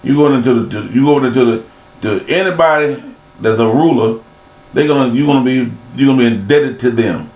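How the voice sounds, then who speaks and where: A man delivers a rambling motivational monologue in a blunt, scolding, preachy way. His voice sits at an ordinary middle pitch. The room around him sounds echoey. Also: brisk, a little mellow. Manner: preachy, blunt and scolding, lists words, sings snatches. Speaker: motivational speaker.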